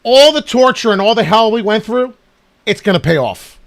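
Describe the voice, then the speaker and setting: A man's voice: sits high, animated, moderate pace, dry recording. A man hosting a casual livestream about crypto markets, boisterous and hyped, swearing freely and breaking into chants.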